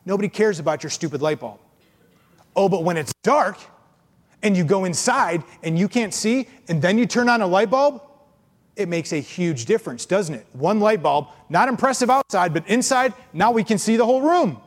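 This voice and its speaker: A man preaching a sermon as pastor, animated, acting out complainers in mocking voices. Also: high-pitched, normal speed, in a large hall. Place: church.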